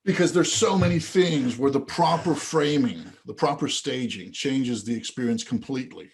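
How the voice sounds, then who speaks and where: A man guest on a podcast interview, telling an anecdote with lively acted-out dialogue. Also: medium pitch, normal speed. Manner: animated storyteller who acts out quoted dialogue. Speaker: guest, event organizer.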